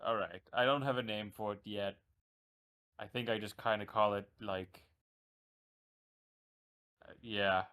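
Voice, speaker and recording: A man's voice: lowish voice, steady tone, unhurried, long pauses, a bit bright, clear, resonant tone. A man playing a tabletop game in character, hesitant with stammering restarts. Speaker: player. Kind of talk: tabletop role-play in character.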